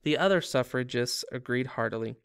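Guy reading a storybook aloud, steady pace, smooth voice, dry close sound. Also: mid-range voice, brisk, no echo. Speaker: reader.

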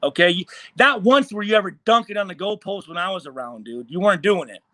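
Forties guest from Michigan, high-pitched, swears freely while storytelling. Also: male voice, expressive, fast talker, bright, forceful tone, no echo. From Michigan, USA. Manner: profane, heated, acts out quoted lines. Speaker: guest, former pro football player. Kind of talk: animated storytelling.

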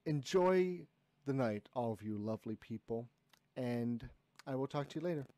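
A man's voice: mid-range voice, normal speed, no room sound. A young man streaming a horror game, commenting with jokes, yelps and laughs. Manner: animated, jokey, frequent yelps and laughter.

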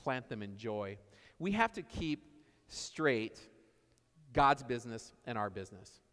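A man delivers a relaxed, story-driven sermon, circling back to repeat his main points. His voice sits at an ordinary middle pitch. It rings out with the long reverb of a church sanctuary. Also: measured pace. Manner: conversational storytelling, repeats key phrases. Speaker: preacher.

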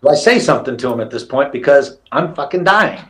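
A middle-aged man, telling fight stories as a podcast guest in an animated, casual way, acting out quotes and swearing freely. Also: medium pitch, brisk. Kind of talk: casual storytelling interview.

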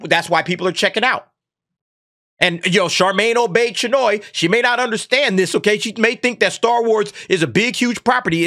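A man's voice: high-pitched, sharp tone. A man hosting an opinionated commentary show, talking casually with mocking laughter and repeated "okay?" and "man". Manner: mocking, laughs often, drawn-out emphasis. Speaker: commentary channel host.

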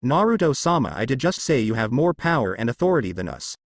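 A man voicing a bored, emotionless woman goddess of death, speaking flat and deadpan. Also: mid-range voice, quick pace, no echo, studio quality.

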